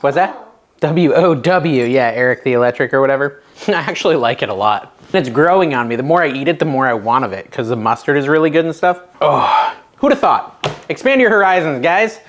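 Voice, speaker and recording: A middle-aged man hosting a casual home cooking vlog, chatty and nervous, with a self-deprecating manner and sudden excited yelps. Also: medium pitch, brisk. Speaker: cooking channel host. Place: home kitchen.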